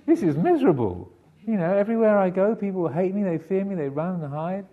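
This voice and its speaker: A man's voice: high voice, sing-song, a little fast, narrow, tinny audio, pitched above the performer's own voice. A man voicing Death as a lonely skeleton reaper who complains tearfully that everyone hates and fears him. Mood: whining. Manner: whining, complaining, plaintive.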